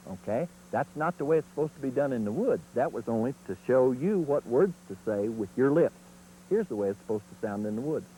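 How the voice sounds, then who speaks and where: A man's voice: mid-range voice, expressive, a little fast, dark tone, a little hiss or hum, poor audio. A man teaching turkey calling in an instructional video, in a folksy, plain-spoken way.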